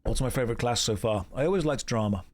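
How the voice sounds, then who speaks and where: This man from England speaks quickly in a mid-range voice while playing an online game on stream. Chatty and teasing in a wry way, he reads viewers' messages aloud and gives donors warm thanks.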